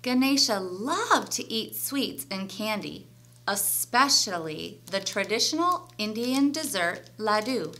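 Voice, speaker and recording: Slow, lively woman reading a children's story. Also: on the high side. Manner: expressive storyteller voice. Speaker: teacher reading aloud. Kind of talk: children's story read-aloud.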